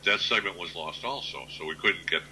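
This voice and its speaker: A man in his sixties, a guest author, telling plainspoken stories at an unhurried pace in a casual interview. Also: sits low, sharp tone, slight background noise, low-quality recording. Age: 60s.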